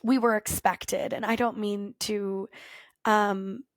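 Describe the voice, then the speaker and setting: A woman's voice: medium pitch, little pitch movement, no echo. Earnest woman podcast host, dry sound. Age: former teacher, adult. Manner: earnest, reflective, with thoughtful pauses. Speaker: podcast host and culture coach. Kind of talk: personal storytelling to listeners.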